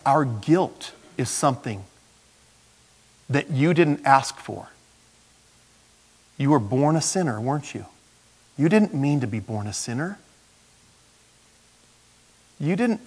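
A man's voice: mid-range voice, a little mellow, big-room sound. An older man, a pastor and grandfather, preaching a sermon in a conversational, folksy way with asides.

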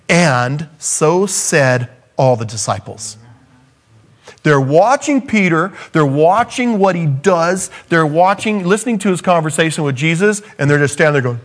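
A man delivers a sermon at normal speed, dramatizing scripture quotes, pushing his pitch up for emphasis and bringing it low on the main points.

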